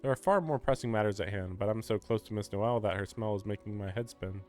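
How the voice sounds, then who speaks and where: Man, streamer, reads visual novel aloud, wry chatty commentary, lowish voice. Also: fast talker, a little mellow, soft background music. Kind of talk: reading game text aloud with commentary.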